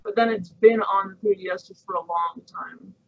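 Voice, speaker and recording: A man's voice: high voice, fairly even intonation, moderate pace, gravelly, fairly bright tone, slightly rough. A man co-hosting a podcast, dropping in brief, wry remarks. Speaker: podcast co-host. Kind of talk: casual chat. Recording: dull lo-fi sound.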